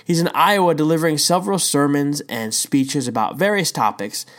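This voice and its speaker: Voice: mid-range voice, normal speed. A devotional teacher giving a casual talk, telling a story with emphatic rhetorical questions and chatty asides. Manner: conversational, says "dude" and "right?".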